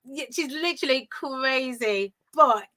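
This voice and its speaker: A woman's voice: sits high, a little slow, sharp tone. A woman co-hosting an interview podcast, chatty and teasing with easy laughter. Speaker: podcast co-host.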